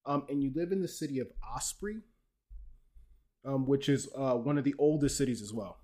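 A man's voice: mid-range voice, normal speed, dark tone. A man hosting a podcast, casually explaining a video game's story and joking with his co-host. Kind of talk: casual chat.

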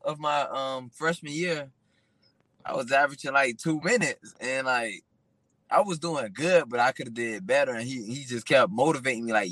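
Young man telling relaxed stories. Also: medium pitch, normal speed, dry recording, rough recording. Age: young adult. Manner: relaxed, rambling, laughing storyteller. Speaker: high school athlete guest. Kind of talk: casual interview chat.

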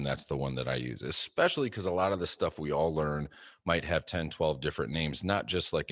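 Deep-voiced man musing aloud. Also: a bit bright, dry recording, studio quality. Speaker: martial arts show co-host. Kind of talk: casual panel discussion.

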